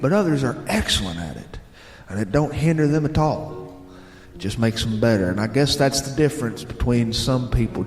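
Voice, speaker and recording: Southern male radio host reading listener mail at an easy storytelling pace; reverberant room, bluegrass music behind. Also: mid-range voice. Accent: Southern American.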